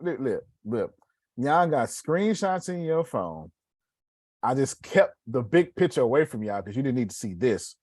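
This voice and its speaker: A man teaching a class, animated and slangy, joking and acting out examples. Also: medium pitch, no echo.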